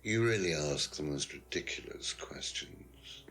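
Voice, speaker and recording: A man's voice: extremely low pitch, animated, unhurried, a bit bright, faint music behind, heavily acted. An actor playing a smug, condescending male lecturer who is questioned as a suspect in a detective video game, pompous and dismissive. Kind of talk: FMV game acting.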